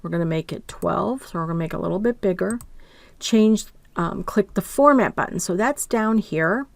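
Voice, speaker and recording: A woman instructor narrating a software tutorial, talking through each click and often checking in with "right?". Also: medium pitch, expressive, moderate pace, vocal fry, no room sound.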